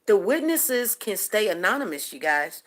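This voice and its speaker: A woman's voice: medium pitch, sing-song, moderate pace. A woman hosting a talk show, rambling and repeating herself as she makes emphatic points to her listeners. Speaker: show host. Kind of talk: casual talk-show monologue.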